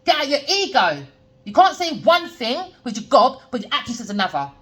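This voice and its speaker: A woman's voice: high voice, very animated, brisk, fairly bright tone. A woman giving a spoken tarot reading, blunt and slangy, repeating her points to lecture the viewer. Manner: emphatic, repetitive, lecturing the viewer. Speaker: tarot reader.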